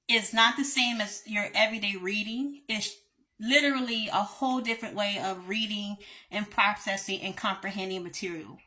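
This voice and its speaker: A woman with a Southern accent and a slight lisp, a lawyer telling stories in a chatty storytime vlog. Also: fairly high pitch. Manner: chatty, animated storytelling with light laughs.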